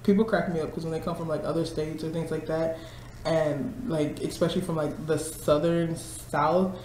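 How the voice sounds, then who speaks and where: Chatty twenties woman vlogging at her work desk, lowish voice, roomy office sound. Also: level tone, normal speed, a little mellow, a little hiss or hum. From Missouri. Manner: chatty, laughs often, mimics people. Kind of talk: casual chat. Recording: roomy office with faint ambience.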